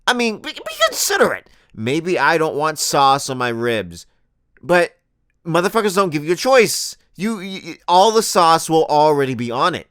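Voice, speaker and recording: A man's voice: fairly high pitch, lively intonation, a little slow, a bit bright, smooth, no echo, studio quality. A young man in his twenties doing a crude, exasperated comedic rant as a vlogger.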